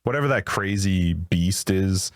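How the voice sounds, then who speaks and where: Deep-voiced joking male co-host. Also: unhurried, no room sound, clean studio sound. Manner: enthusiastic and joking. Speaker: podcast co-host. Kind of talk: casual chat.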